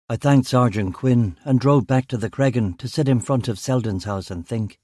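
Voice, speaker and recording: Mellow male audiobook narrator. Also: medium pitch, normal speed, few pauses, no room sound, studio quality. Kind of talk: scripted narration of a crime thriller.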